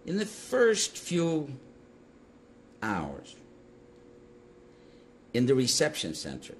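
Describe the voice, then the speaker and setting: An older man, a Holocaust survivor, recounting his memories to an interviewer in emphatic, animated storytelling. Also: mid-range voice, drawn-out words, a little hiss or hum. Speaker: Holocaust survivor giving testimony.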